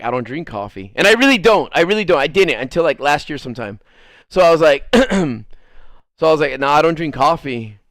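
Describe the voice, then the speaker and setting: A man streaming a game while telling a story in casual chat, animated, swearing freely and laughing often. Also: fairly high pitch, dry recording, studio quality.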